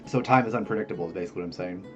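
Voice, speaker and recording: A man's voice: low-pitched, racing, a bit bright, dull audio, soft background music. A man narrating as game master, loose and hesitant, full of filler words.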